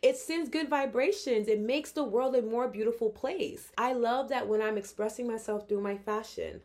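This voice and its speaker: Earnest, expressive woman podcast host. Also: medium pitch. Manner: earnest, expressive, swears casually. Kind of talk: casual solo podcast talk.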